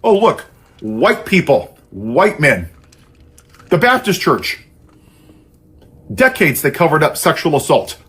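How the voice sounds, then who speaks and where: Man, high-pitched, husky, angry sarcastic monologue. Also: big pitch swings, slow, pauses often, a bit bright. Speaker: political commentator. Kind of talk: impassioned monologue.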